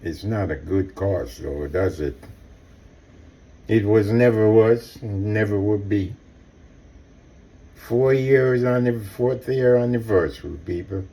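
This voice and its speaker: Male commentator, slow and mellow, impassioned and repetitive, talks straight to the audience. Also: fairly low pitch. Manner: impassioned, repetitive, addresses listeners directly. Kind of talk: personal commentary monologue.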